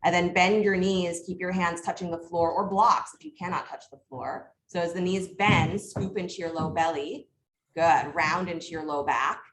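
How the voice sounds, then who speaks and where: A woman teaching a live yoga class, calling out poses and breath cues in brisk steps with frequent encouragement. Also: lowish voice, steady tone, a little hiss or hum. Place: yoga studio. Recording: echoey room, mic far off.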